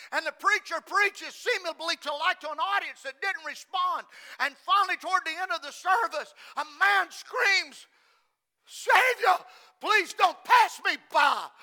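A man preaching a sermon with passion, swinging between hushed, quiet stretches and loud shouting. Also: extremely high pitch.

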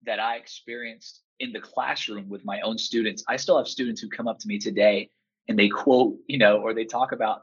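Enthusiastic husky-voiced man telling stories. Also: on the low side, a little fast, highs cut off. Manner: animated, emphatic, acts out quotes. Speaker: podcast guest, teacher and father. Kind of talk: enthusiastic storytelling chat.

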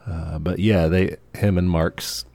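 A man's voice: deep voice, slow pace, creaky, no room sound. A man co-hosting a podcast, chatting casually about a film and explaining history with lots of "like" and "you know". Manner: relaxed, many fillers, explains history. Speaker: podcast co-host.

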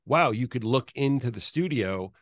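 A man's voice: medium pitch, expressive, normal speed, no room sound, clean studio sound. A man hosting a casual interview, chatting in a loose, reflective way. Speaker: podcast host, former page.

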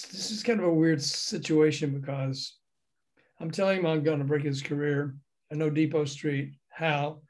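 Older man from the South, slightly high voice, a storyteller who acts out the voices in his tales. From American South. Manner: animated, acts out the voices in his stories, laughs often. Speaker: guest recounting a music industry career. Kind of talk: anecdotal storytelling in an interview.

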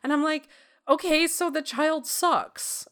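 A woman's voice: sits high, takes it slowly, fairly bright tone. A woman co-hosting a casual film review chat, sarcastic and laughing often, acting out characters' lines. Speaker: podcast co-host.

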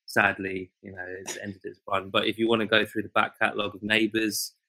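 A man's voice: on the low side, level tone, brisk, bright, forceful tone, no room sound, rough recording. A man co-hosting a podcast who talks in a hesitant, thoughtful way, often repeating words as he works out what he means. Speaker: podcast co-host. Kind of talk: casual chat.

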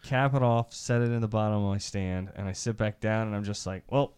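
A man from Iowa co-hosting a podcast, telling a crude, animated hunting story and laughing as he talks. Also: lowish voice, brisk, slight background noise. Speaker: podcast co-host. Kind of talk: crude storytelling among friends.

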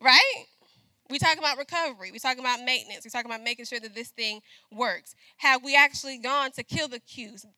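Bright-voiced woman preaching conversationally. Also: sits high, fast, dry recording. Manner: conversational preaching, calls out to congregation. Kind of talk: sermon.

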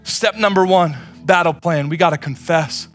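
A man's voice: a little high, moderate pace, soft background music. A young man preaching a sermon, passionate and repetitive, pushing his points home. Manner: preachy, repeats phrases, builds to impassioned shouting. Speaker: pastor.

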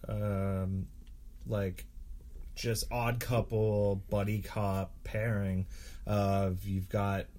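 A man guesting on a podcast, chatting in a relaxed, agreeable way and swearing casually. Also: fairly low pitch, drawn-out words. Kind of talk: casual chat.

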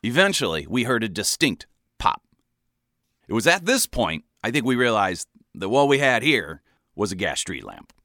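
A man reading his own comic memoir aloud in a wry, deadpan storytelling manner. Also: lowish voice, normal speed, no room sound, studio quality.

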